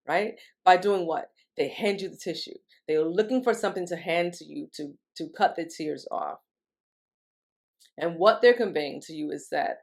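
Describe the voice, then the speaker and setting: A woman's voice: sits low, normal speed. A woman, a grief recovery specialist, explaining step by step in an educational monologue and often asking "right?" to check in with the listener. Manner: acts out quoted speech in a livelier voice.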